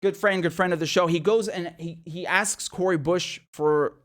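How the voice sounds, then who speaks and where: A man's voice: high-pitched, steady tone, moderate pace, fairly bright tone. A man hosting a political commentary monologue, heated and profane, firing off rhetorical questions and repeating phrases for emphasis.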